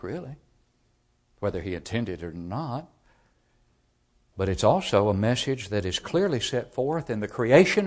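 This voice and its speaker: A man preaching a sermon, retelling a children's story in an emphatic voice that rises to loud peaks. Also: mid-range voice.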